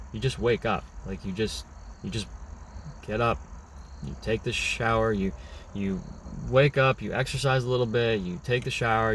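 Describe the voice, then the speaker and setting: Young man vlogging, low voice, rambling and restarting words, faint crickets behind. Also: a little hiss or hum. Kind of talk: casual reflective monologue.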